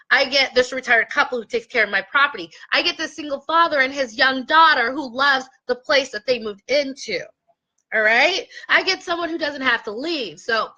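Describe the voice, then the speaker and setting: Her high, bright, pushed voice comes through a muffled recording as this woman, a real estate investor, coaches viewers to camera. The talk is earnest and impassioned, and at times she nearly cries.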